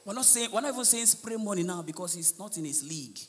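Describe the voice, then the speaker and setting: Loud high-pitched Nigerian comedian shouting punchlines. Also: male voice, animated, fast, in a large hall, slight background noise. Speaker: stand-up comedian. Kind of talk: live stand-up comedy. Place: large live comedy venue with audience.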